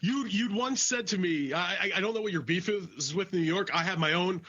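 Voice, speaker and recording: Bright, blunt-talking man, dull audio. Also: sits high, a little fast, slightly rough. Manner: blunt, profane, enthusiastic. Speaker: podcast co-host. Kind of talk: casual chat.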